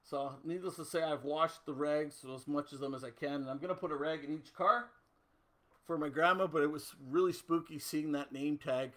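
Chatty Canadian man with a bright voice. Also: a little high, fairly even intonation, moderate pace. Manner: chatty, rambling, reads out viewer comments. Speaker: host. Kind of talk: casual livestream chat.

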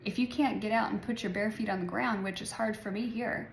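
A woman in her forties chats to her followers in a loose, wandering way and laughs often. Her voice has a gravelly, fry-heavy texture. The sound is roomy and echoey, with faint ambience behind her. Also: mid-range voice, fairly even intonation, a little fast, a little hiss or hum. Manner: chatty, rambling, laughs often. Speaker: spiritual vlogger. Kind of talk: casual spiritual talk to viewers.

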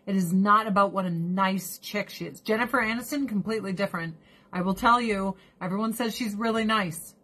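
A woman's voice: medium pitch, fairly quick, fairly bright tone. A middle-aged woman streamer chatting casually with her viewers, blunt and profane, ranting with animation.

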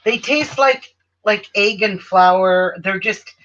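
A woman's voice: medium pitch, slow. A woman hosting a casual live-stream chat from indoors at home, talking in a rambling way with lots of restarts and trailing off. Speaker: quilting channel host. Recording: dull lo-fi audio, faint noise.

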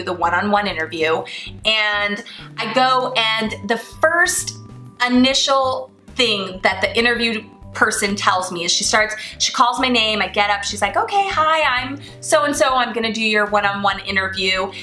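Bright young woman telling a story. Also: medium pitch. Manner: animated, acts out quoted dialogue. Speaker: flight attendant vlogger. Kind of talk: personal storytelling to camera. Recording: roomy echo, faint music behind.

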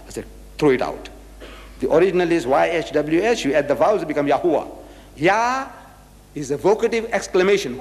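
In a large hall, a male public lecturer addresses a live audience in a slightly high, somewhat mellow voice. He speaks emphatically, fires rhetorical questions at the crowd, spells out words and chants phrases.

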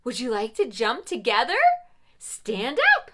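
A woman teaching preschoolers their letters in a slow, exaggerated, sing-song children's lesson voice. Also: on the high side, big pitch swings, bright, forceful tone.

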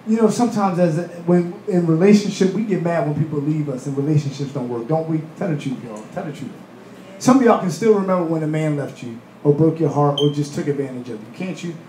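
A man preaching a sermon in a church, animated, acting out voices and laughing in asides. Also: on the high side, quick pace, reverberant, slight background noise, rough recording. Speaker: pastor. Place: church hall.

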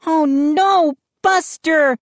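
A woman's voice: sits high, very animated, slow pace, no room sound, voice pushed up, heavily acted. A woman playing a bossy, scolding girl. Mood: alarmed. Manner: scolding, sharp. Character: bossy, sensible young girl.

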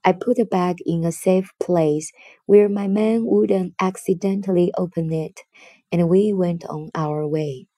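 A woman reading a children's storybook aloud, in a deliberate, expressive narrator's voice. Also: on the low side, no echo.

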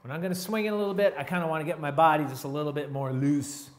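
A man teaching a drum lesson in a relaxed, step-by-step way, counting beats aloud between grooves. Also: a little high, very fast. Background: drum playing.

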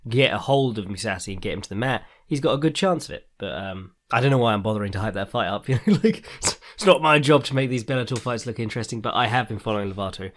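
A man's voice: on the low side, expressive, quick pace, hardly any pauses. A man hosting a casual fight-sports podcast, rambling and profane, often laughing at his own asides. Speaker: podcast host. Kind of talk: casual MMA commentary podcast.

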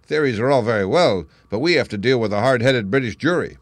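A man voicing a practical, skeptical male police inspector in an audiobook, blunt and doubtful, lifting his pitch for the part. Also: animated, fast talker, no echo, natural voice. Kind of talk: audiobook character reading.

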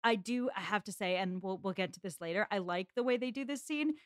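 A woman's voice: medium pitch, brisk, no echo, clean studio sound. Chatty woman podcast co-host. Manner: chatty, peppered with "like". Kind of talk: casual chat.

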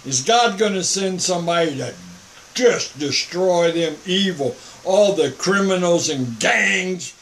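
An older man preaching informally to the camera, switching between mock calm and sarcastic emphasis. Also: high-pitched, unhurried, a little hiss or hum, rough recording.

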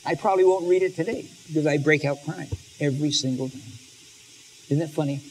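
A man giving an animated, emotional lecture on stories, reading passages aloud and often restarting his sentences. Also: a little high, a little fast. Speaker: speaker on literature and faith.

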